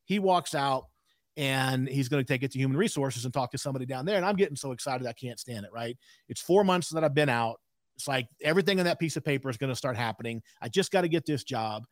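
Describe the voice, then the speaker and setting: A man's voice: medium pitch, lively intonation, quick pace, no echo, clean studio sound. A man in his sixties, a podcast guest telling a candid story in an emphatic way with frequent asides.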